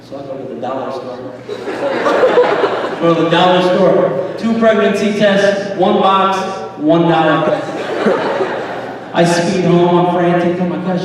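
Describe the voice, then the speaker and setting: A man in his thirties doing a stand-up comedy set, telling stories in an animated way and acting out voices. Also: high voice. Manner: animated storytelling, acts out voices of his wife and himself. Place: live comedy venue. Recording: echoey hall, distant mic, audience laughter.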